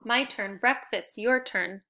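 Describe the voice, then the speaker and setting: A woman teacher leading a spelling lesson for young children, upbeat and encouraging as she gives clear step-by-step directions. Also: on the high side, takes it slowly, pushed and bright.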